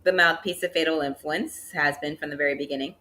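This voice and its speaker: A woman co-hosting a casual wrestling review show, recapping segments in a steady, matter-of-fact way. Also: sits low, fast, rough recording. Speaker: podcast co-host.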